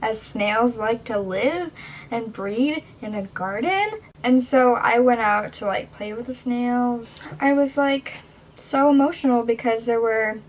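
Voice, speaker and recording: A woman's voice: on the high side, measured pace, slight background noise, poor audio. A young woman chatting in a casual home vlog, rambling and self-deprecating, sometimes dropping to a whisper. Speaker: vlogger. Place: indoors at home.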